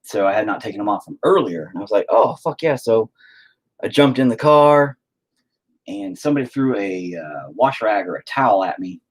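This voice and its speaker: A man's voice: fairly low pitch, expressive, normal speed. A man hosting a casual stream, telling a story to viewers in a rambling way and swearing freely. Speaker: stream host chatting with viewers.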